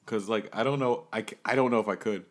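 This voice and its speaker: A man co-hosting a comedy podcast, joking and swinging between mumbles and loud laughter. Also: fairly low pitch, quick pace. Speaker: podcast co-host. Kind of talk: casual comedy podcast banter.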